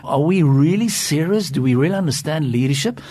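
Man, show host, husky voice, eager questions, leadership talk. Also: on the high side, expressive, mellow. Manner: eager questioning, quick to praise guests. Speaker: program host. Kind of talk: hosted Christian leadership discussion.

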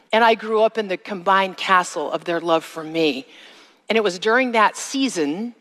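A woman giving a sermon-style personal testimony, with slow, emphatic phrasing that rises to a high cry in the re-enacted moments. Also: a bit bright. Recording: long reverb of a large hall.

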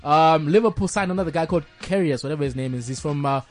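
A man's voice: a little high, quick pace, soft background music. A young man from Zimbabwe co-hosting casual sports chat on radio, joking and laughing through football news. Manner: joking, laughs often, tangents into banter. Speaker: co-host. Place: radio studio.

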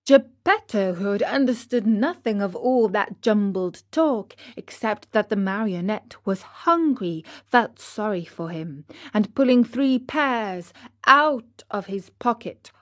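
A woman narrating a children's story in a clear, unhurried scripted reading. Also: medium pitch, animated, no room sound, studio quality.

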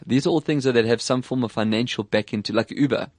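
A man's voice: medium pitch, fast talker, a little mellow, no echo. A man from South Africa hosting a talk show, chatting thoughtfully and restarting sentences as he thinks aloud. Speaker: host. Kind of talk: conversational talk show chat.

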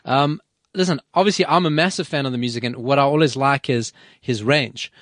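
A man's voice: medium pitch, a little fast, dry recording, studio quality. A man hosting a casual radio chat, talking loosely with fillers and restarts. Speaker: radio host.

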